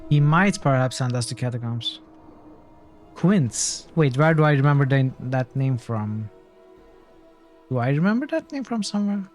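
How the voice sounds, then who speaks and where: A man's voice: mid-range voice, sing-song, moderate pace, long pauses, soft background music. A man streaming a role-playing game, thinking aloud and repeating himself as he checks items and maps. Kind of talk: casual gameplay commentary.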